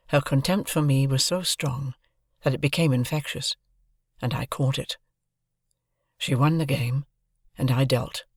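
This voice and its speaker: A man reading a classic novel aloud as an audiobook narrator, with a measured, expressive delivery. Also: mid-range voice, creaky, slightly rough, no room sound, clean studio sound.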